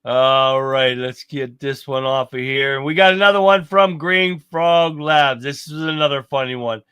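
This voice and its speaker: A man's voice: mid-range voice, measured pace, sharp tone, clear, resonant tone, no echo. A man hosting a livestream, chatting in a folksy, exclaiming way as he reacts to clips and talks to viewers. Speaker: livestream host. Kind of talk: casual livestream commentary on clips.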